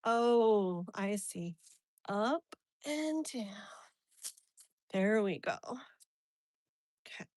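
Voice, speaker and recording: A woman's voice: mid-range voice, lively intonation, drawn-out words, pauses often, darkish tone, no room sound. A young woman hosting a casual live stream outdoors, chatty and exasperated, laughing often. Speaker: tarot reader live-stream host. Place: outdoors near a tree.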